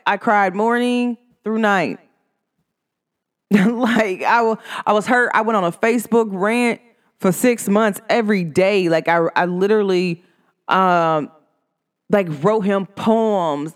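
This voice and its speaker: Woman vlogger, mid-pitched and smooth, casual rambling storyteller with big pitch swings. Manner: rambling, heavy use of "like", pitch swings up and down sharply.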